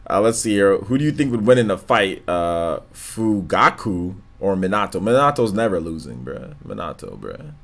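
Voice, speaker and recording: Laid-back, monotone low-voiced man. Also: normal speed, vocal fry, few pauses. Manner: slangy, drawling filler words. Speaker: live stream host. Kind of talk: casual stream chat, reading donations and comments.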